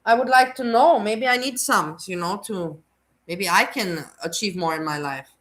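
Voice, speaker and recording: Blunt mocking woman commentator, bright voice. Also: medium pitch, moderate pace. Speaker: commentary host. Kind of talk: reaction commentary on a clip.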